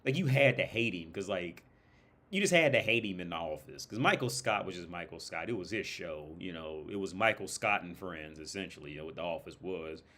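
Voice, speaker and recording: A man's voice: low-pitched, expressive, brisk, pushed and bright. An American man in casual livestream chat, rambling and swearing with frequent restarts.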